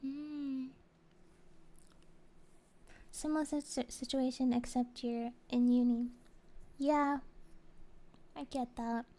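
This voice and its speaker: A woman streamer chatting casually and answering viewer comments, rambling and halting with many fillers. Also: high voice, fairly even intonation. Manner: soft and gentle, with small laughs.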